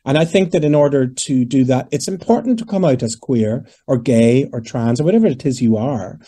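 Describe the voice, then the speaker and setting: A Northern Irish man in his fifties, a singer answering interview questions in a lively, storytelling way and acting out the voices of people he quotes. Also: medium pitch, brisk. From Northern Ireland. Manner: animated, digressive, acts out quoted voices. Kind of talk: conversational storytelling.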